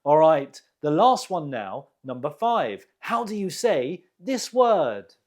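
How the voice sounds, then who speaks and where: Male english teacher, very slow delivery, lively pitch, quiz host. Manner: slow, deliberate model pronunciation. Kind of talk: quiz lesson.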